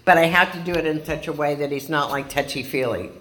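A woman from California sharing a personal recovery story with a group, dramatic and lively, acting out the voices she quotes. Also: deep voice, quick pace. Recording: echoey room with background noise.

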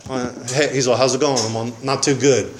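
A man's voice: medium pitch, steady tone, fairly quick, slight background noise. A man telling his recovery story at a meeting in a casual, rambling, slangy way, often saying man and dude. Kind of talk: casual personal testimony.

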